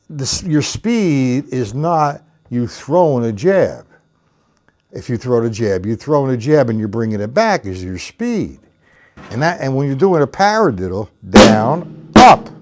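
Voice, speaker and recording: A middle-aged man teaching drums on a live stream, counting beats and explaining technique in a blunt, rambling way. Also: mid-range voice. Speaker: drum teacher. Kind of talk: live-streamed drum lesson. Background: drums played between talk.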